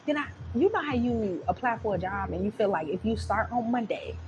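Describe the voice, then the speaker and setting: A woman talks through a tarot reading in a loose, chatty way, playful and affirming as she goes. Her voice sits at an ordinary middle pitch. A faint hiss of noise runs under the recording. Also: animated, a little fast. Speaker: tarot reader. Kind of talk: casual tarot reading to camera.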